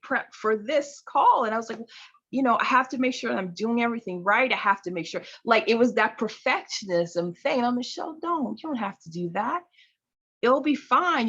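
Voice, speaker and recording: A woman's voice: medium pitch, a bit bright. A woman leading a group call as an intuitive healer, explaining in a casual teaching way and often tagging her points with "right?". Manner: conversational, often tags "right?". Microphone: video call. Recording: dull lo-fi call audio.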